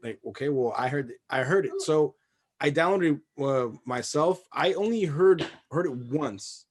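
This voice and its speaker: A man's voice: on the high side, lively intonation, normal speed. A man hosting a casual podcast, laid-back and swearing freely as he tells a story. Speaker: podcast host.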